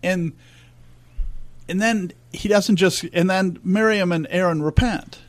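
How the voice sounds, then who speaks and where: A man co-hosts a church discussion podcast, speaking earnestly and with emphasis and reading scripture aloud. His voice sits high and he keeps a measured pace.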